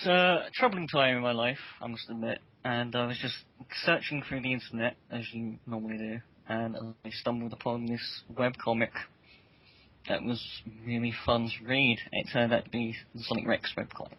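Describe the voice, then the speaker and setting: A man chats as a podcast guest in a relaxed, self-deprecating way. His voice is somewhat low, and the lo-fi recording sounds dull. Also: normal speed. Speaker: guest, fan site staff member. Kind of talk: casual podcast chat. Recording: dull lo-fi audio.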